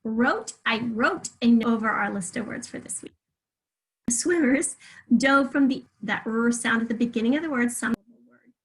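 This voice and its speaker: A woman teaching a remote spelling lesson to third graders, talking patiently and clearly with example sentences. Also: a little high, normal speed, low-quality recording. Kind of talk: remote spelling lesson over shared slides.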